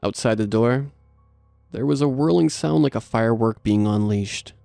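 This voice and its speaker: A man narrating a horror story in a steady scripted delivery. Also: mid-range voice, moderate pace, vocal fry, dry recording, clean studio sound, faint music behind.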